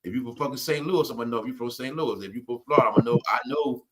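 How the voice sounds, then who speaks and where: A man's voice: medium pitch, very fast, slight background noise. A man hosting a podcast, talking in a casual, profane and emphatic way and repeating his points. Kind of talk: casual chat.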